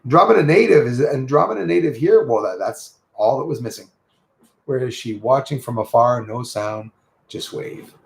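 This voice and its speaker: Man, Quebec French accent, livestream host, gravelly voice, roomy echo, rambling and friendly. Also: mid-range voice, normal speed. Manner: rambling, friendly, reads out and greets chat viewers. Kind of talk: casual livestream chat with viewers.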